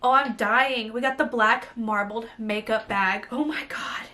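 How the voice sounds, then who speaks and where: A young woman, gushing breathlessly through an excited unboxing vlog. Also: on the high side, unhurried. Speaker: beauty vlogger.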